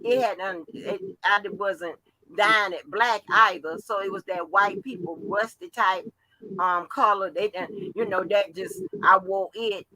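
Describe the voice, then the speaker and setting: A woman tells a story in casual conversation, with a very bright, sharp voice. She talks in an animated, profane way. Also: mid-range voice, unhurried, no room sound, low-quality recording.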